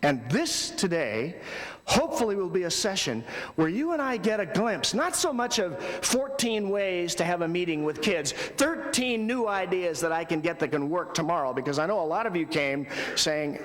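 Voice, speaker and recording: A man giving a conversational talk at a youth ministry convention, telling stories with loud bursts and quiet lows. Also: lively intonation, moderate pace. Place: large hall before an audience. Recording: long hall reverb.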